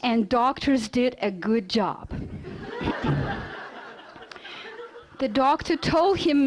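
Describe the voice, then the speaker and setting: High-voiced woman telling a story. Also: drawn-out words, pauses often, poor audio. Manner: lively storyteller with non-native grammar. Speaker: lecturer. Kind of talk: personal story told in a lecture.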